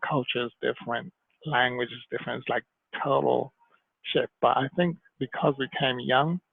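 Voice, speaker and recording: Man from Jamaica, interview guest, animated storyteller, very gravelly voice, dry tinny phone-like sound. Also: mid-range voice, normal speed, no echo.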